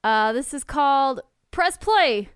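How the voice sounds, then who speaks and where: A woman's voice: sits high, animated, slow, no room sound, studio quality. A woman co-hosting a comedy chat, reading listener posts aloud, laughing often and swearing casually.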